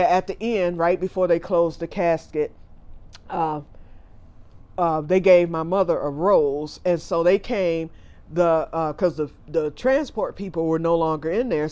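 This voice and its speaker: A man's voice: on the high side, darkish tone, smooth. A middle-aged man, a family caregiver, telling a personal story in a chatty, rambling way, often retelling what people said.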